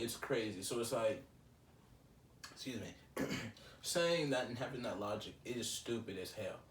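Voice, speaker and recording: A young man talking casually in a solo podcast, rambling and reflective with lots of fillers. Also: on the low side. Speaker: podcast host. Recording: roomy, slightly distant mic with faint ambient noise.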